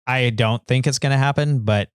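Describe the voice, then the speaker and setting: A man's voice: medium pitch, normal speed, clean tone, no echo, clean studio sound. A man co-hosting a podcast, talking in an easygoing, rambling way with lots of fillers. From Northern California. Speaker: podcast co-host. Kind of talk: casual chat.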